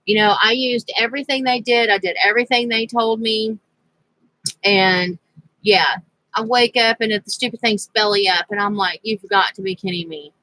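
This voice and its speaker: A woman's voice: fairly high pitch, fairly even intonation, moderate pace, bright, forceful tone, dry recording, low-quality recording. A woman vlogger telling a rambling personal story in a casual, chatty way, laughing now and then. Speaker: crafting vlogger.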